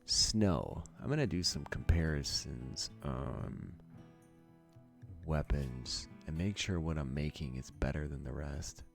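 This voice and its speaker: A man's voice: rumbling low, expressive, slow, gravelly, faint music behind. A man from Wisconsin giving casual gameplay commentary, thinking aloud and chuckling often. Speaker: let's play gamer.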